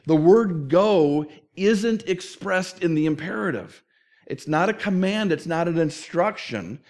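A middle-aged man preaches a sermon, his voice sitting a little high for a man. He tells stories with energy and slips into the voices of the people in them. It is a pastor's delivery, built for a congregation. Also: unhurried. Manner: animated storytelling with acted-out quotes.

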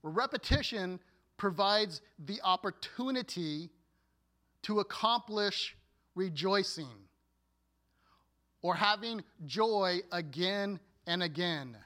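A man preaching a sermon as a pastor, earnest and deliberate, with playful asides. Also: sits high, expressive, sharp tone.

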